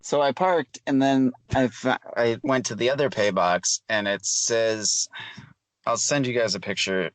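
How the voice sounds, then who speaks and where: A man's voice: medium pitch, unhurried, no room sound, low-quality recording. A man co-hosting a podcast, calling in by phone from a parking lot and puzzling over a sign in casual chat. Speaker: podcast co-host.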